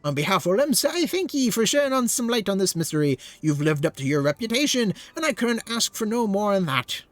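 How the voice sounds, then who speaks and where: A man voicing a gruff, blunt harbor officer in a put-on British pirate accent, swearing and dropping into rough dialect. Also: high voice, very animated, brisk, no echo.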